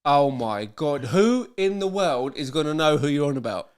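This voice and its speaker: A man's voice: a little high, expressive, normal speed, clear, resonant tone. A man co-hosting a casual podcast, telling stories and teasing his friend. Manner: teasing, storytelling. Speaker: podcast co-host. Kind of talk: casual chat.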